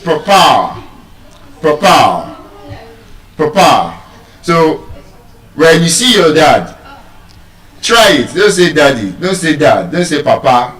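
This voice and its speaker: A man teaching pronunciation to a class, animated and repetitive as he drills words aloud. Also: a little high, slow, long pauses. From Nigeria. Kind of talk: classroom lesson. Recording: echoey room, voice from far off.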